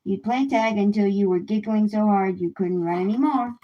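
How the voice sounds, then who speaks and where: A woman reading a children's picture book aloud in a gentle, unhurried way on a livestream. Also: mid-range voice, lo-fi sound. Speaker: storybook reader. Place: home livestream.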